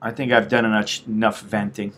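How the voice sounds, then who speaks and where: Middle-aged man from the States, bright forceful voice, swearing freely on a live-stream rant. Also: lowish voice, level tone, fairly quick. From United States. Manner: profane, venting, blunt. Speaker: expat vlogger.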